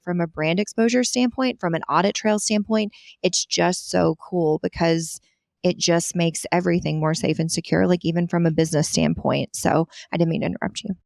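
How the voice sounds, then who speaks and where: A woman's voice: on the low side, vocal fry, no room sound. A woman with a Southern US accent talking enthusiastically in a casual panel chat, running her thoughts together. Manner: enthusiastic, gushing, fast run-on sentences. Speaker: loss prevention industry advocate on a company podcast.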